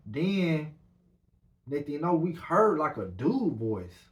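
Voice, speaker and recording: Male podcast host, slightly high voice, rambling anecdote, roomy echo. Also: slow, dull audio. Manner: animated, rambling with many fillers. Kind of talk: casual storytelling.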